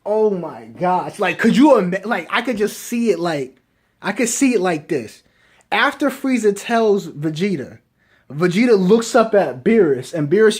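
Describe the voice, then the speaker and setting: A man giving casual fan commentary, talking excitedly and asking rhetorical questions over and over. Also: high-pitched, breathy edge. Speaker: anime reviewer.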